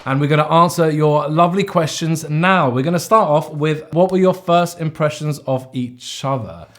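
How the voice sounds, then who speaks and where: A man's voice: fairly high pitch, normal speed. A young man with an English accent, hosting a casual pub chat, jokey and upbeat. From England. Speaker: podcast host.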